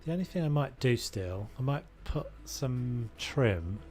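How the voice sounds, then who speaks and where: A man's voice: mid-range voice, animated, measured pace, a little mellow, faint music behind. A young man streaming a renovation game, casually thinking aloud and muttering to himself as he builds, with self-deprecating asides. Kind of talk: casual live-stream commentary.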